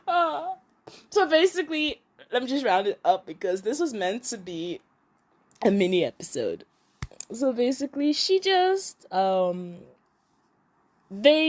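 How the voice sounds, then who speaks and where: Animated young woman recapping a drama. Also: high-pitched, slow pace. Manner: animated storyteller, acts out characters' lines, laughs a lot. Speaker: podcast host recapping a drama. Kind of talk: casual recap chat.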